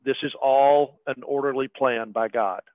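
Heard through a tinny, phone-like radio broadcast without echo, a middle-aged pastor gives a sermon at a measured pace. His mid-range voice stays fairly even, and his casual delivery is full of fillers and direct asides to the congregation.

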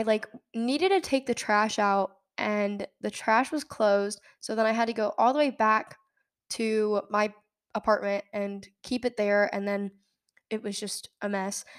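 A nineteen-year-old woman from Nebraska, telling a story in a casual, animated way and often laughing. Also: mid-range voice, clean tone. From Nebraska, United States. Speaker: podcast host.

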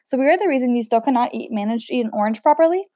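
A woman's voice: a little high, lively intonation, rapid-fire, mellow, lightly acted. A woman voicing a strict, sarcastic older woman who teaches etiquette, speaking in a cold, cutting way. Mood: stern.

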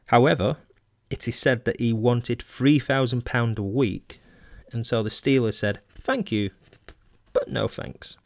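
Working through old magazine clippings alone on his podcast, a host from Manchester, England, pauses for ums, restarts and wry remarks between passages. He speaks at a measured pace in an ordinary middle-pitched, creaky voice, recorded dry and close without any echo or room sound.

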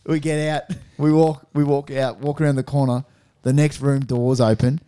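A man's voice: medium pitch, little pitch movement, normal speed, warm tone, clean tone. A man co-hosting a podcast, telling stories with lots of laughing and swearing. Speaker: podcast co-host. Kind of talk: casual storytelling chat.

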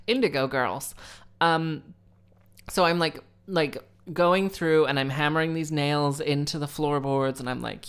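A woman's voice: deep voice, measured pace, smooth. A young woman rambling through a casual, sarcastic story, often acting out other people's voices.

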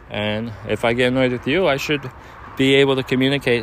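A young man speaking in an earnest, hesitant way, rambling through a heartfelt apology. His pitch sits in an ordinary middle range for a man. Faint outdoor traffic hums behind him. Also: fairly even intonation, fairly quick. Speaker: boyfriend addressing his partner. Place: outdoors near overhead air traffic.

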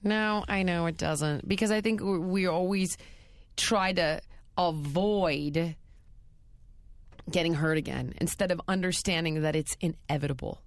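A woman's voice: on the low side, a little slow, no echo, clean studio sound. A woman hosting an advice talk show, speaking bluntly and emphatically in casual chat. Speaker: radio advice show host.

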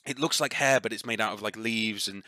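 A low, bright-toned man running a tabletop game, narrating the scene in a loose, rambling way full of fillers. The sound is dry and close. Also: brisk, no echo. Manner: rambling, many fillers and restarts. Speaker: game master.

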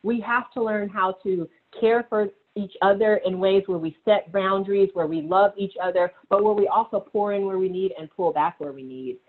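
A woman's voice: medium pitch, moderate pace, few pauses. A woman co-hosting a call, speaking in an earnest, encouraging way. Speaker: co-host. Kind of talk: reflective talk on a call. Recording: muffled phone line.

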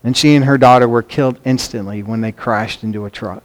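A man's voice: mid-range voice, brisk. A man preaching a sermon, emphatic and earnest, often repeating words as he drives points home. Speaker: pastor.

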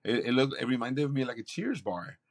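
A man's voice: medium pitch, expressive, brisk. A man, a campus pastor, telling a faith story in an interview with an earnest, preacherly delivery. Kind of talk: interview testimony.

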